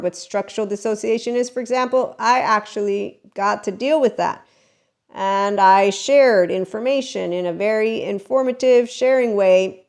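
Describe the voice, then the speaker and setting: A woman hosting a podcast, talking in a rambling, chatty way about self-help and spirituality, jumping between tangents and laughing now and then. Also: mid-range voice. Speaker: podcast host and mentor.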